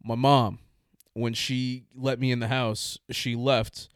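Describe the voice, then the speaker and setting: A man's voice: mid-range voice, little pitch movement, slow pace, clear, resonant tone, no room sound. Rambling man telling a story, dry sound. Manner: rambling, self-mocking, laughs through his own story. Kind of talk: casual storytelling.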